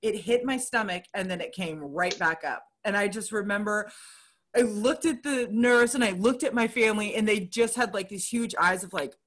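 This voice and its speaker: A woman's voice: medium pitch, normal speed, a bit bright. A woman tells a personal story in a candid, dramatic way. She talks casually in a mid-range voice. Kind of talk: casual chat about surgery recovery.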